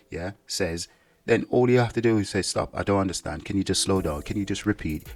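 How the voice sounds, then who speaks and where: A man who is a soldier, talking casually to the camera in a rambling way, with lots of "yeah" fillers. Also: low voice. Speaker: soldier and vlogger.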